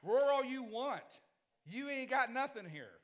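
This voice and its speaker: A man preaches a sermon in a strikingly high voice for a man. He hammers his points through repetition and rhetorical questions. Between them he drops into loose, conversational asides. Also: lively intonation, a little slow, highs cut off. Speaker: pastor.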